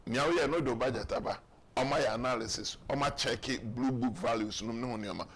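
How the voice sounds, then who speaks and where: A man's voice: medium pitch, brisk, fairly bright tone, husky. A man with a Ghanaian accent, talking emphatically in a political talk show discussion. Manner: emphatic, mixing Twi and English, acts out quotes.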